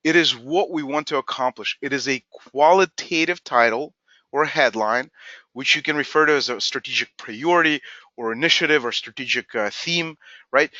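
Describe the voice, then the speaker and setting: A man presenting a business webinar as a company executive, in an energetic, emphatic manner. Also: fairly high pitch, dry recording, lo-fi sound. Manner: energetic, emphatic, acts out quoted dialogue.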